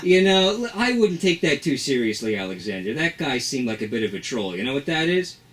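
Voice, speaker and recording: A man's voice: medium pitch, big pitch swings, fairly quick, a bit bright. A man co-hosting a radio show in a studio, bantering playfully and theatrically. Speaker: radio co-host.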